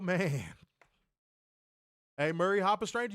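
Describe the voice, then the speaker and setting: A man co-hosting a casual livestream, loud and joking. He swears freely, laughs often and swings from shouts down to mutters. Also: mid-range voice, animated, a little fast, dry recording, studio quality. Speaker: livestream co-host.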